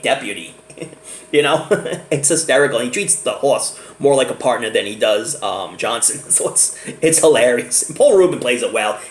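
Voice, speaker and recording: A man giving a casual, rambling movie review, laughing often as he talks. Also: medium pitch. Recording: echoey room.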